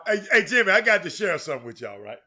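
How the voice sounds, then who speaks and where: A man's voice: sits high, very animated, very fast. A man co-hosting a sports talk show, hyped and full of banter. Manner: hyped, shouting lists, laughing banter.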